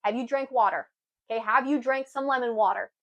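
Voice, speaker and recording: Earnest young woman coaching, higher voice. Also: a little fast, poor audio. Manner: earnest and emphatic, with sudden lively bursts. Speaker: self-help coach. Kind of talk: casual motivational talk to camera.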